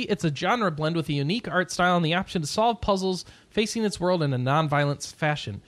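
A man hosting a casual podcast, chatty and quick to laugh while he runs through news items. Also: on the high side, expressive, fairly bright tone, no echo. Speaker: podcast host.

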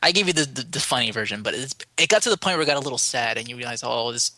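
A man co-hosting a casual podcast, telling a story with animated retelling and quoted voices. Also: medium pitch, very fast, no echo. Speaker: podcast co-host.

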